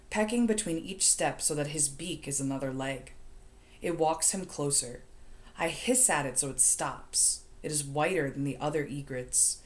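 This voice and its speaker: A woman narrating an audiobook in the first person, steady and measured. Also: sits low. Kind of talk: audiobook reading.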